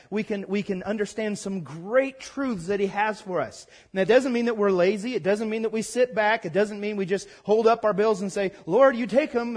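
In a church sanctuary, a pastor preaches a sermon to his congregation, animated and repeating lines for emphasis while playfully mimicking his listeners' voices. His voice is high-pitched with a breathy edge.

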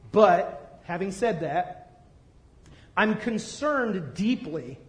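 A man with a high voice delivers a sermon, pressing his points hard and calling out to the people before him. His voice rings through a roomy, echoing church hall. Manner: emphatic, calls out to the congregation. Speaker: pastor.

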